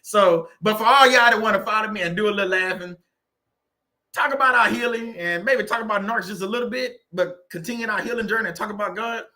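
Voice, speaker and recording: A man's voice: sits high, quick pace, pushed and bright. A man with a Southern US accent giving a casual, faith-based motivational vlog talk, chatty and repetitive, with frequent laughs. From Southern United States. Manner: chatty, repetitive, laughing often, says "you know what I'm saying". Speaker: faith-based YouTuber and real estate agent.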